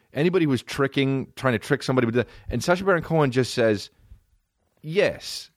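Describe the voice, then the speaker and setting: A man hosting a solo comedy podcast, rambling and swearing as he riffs, bursting into quick mock voices. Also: medium pitch, dry recording, studio quality. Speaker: podcast host. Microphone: phone.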